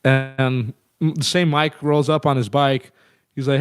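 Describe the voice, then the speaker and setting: A man's voice: mid-range voice, steady tone, brisk, clean tone, dry recording, clean studio sound. A man in his thirties telling band stories in a casual, profane, rambling way as an interview guest. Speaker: guest musician.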